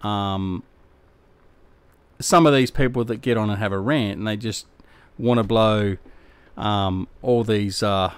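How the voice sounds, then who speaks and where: On a game live stream, a middle-aged Australian man chats casually with his viewers, answering them in a laid-back, rambling, slangy way. His voice is lowish and smooth, and he speaks slowly. There's no echo.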